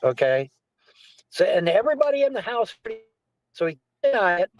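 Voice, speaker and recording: High-voiced man ranting insistently. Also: very animated, moderate pace, low-quality recording. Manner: rambling, repetitive, profane, insistent. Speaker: guest. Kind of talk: heated phone-in rant.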